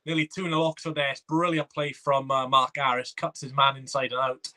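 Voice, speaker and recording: A man hosting a live reaction watchalong, excitable and chatty, reading viewer comments aloud. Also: mid-range voice, a little fast, noisy background. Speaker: fan watchalong host.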